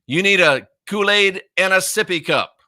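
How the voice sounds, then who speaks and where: Combative preacher, bright voice. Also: male voice, sits high, normal speed. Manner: combative, mocking, emphatic repetition. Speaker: minister. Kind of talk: confrontational Bible teaching.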